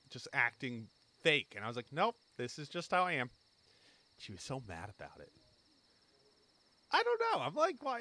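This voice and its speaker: A man's voice: mid-range voice, sharp tone. A man in his twenties chatting casually over gameplay, rambling through jokey anecdotes. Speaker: gaming YouTuber. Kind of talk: casual gameplay commentary and storytelling.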